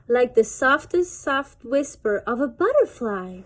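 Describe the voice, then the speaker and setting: Young mother, picture-book read-aloud, high and bouncy, slow and sing-song, plays up the sounds. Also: animated, fairly bright tone, slight background noise. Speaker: parent reading to her child.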